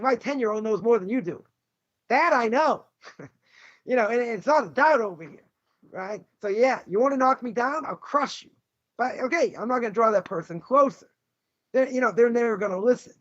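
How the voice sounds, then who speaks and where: A rabbi giving a Torah lecture, blunt, combative and sarcastic. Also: male voice, very high voice, animated, fairly quick, a bit bright. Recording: dull lo-fi recording.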